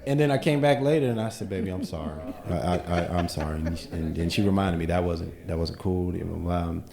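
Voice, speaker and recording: A man's voice: low voice, brisk, echoey room, a crowd in the background. A man co-hosting a casual podcast conversation, telling earnest stories and speaking about his faith. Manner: earnest storytelling with faith talk. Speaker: podcast co-host.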